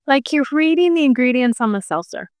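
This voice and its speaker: A woman's voice: high voice, animated, brisk, no room sound. A middle-aged woman co-hosting a podcast, chatting casually with dry, teasing remarks. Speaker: podcast co-host. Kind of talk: casual chat.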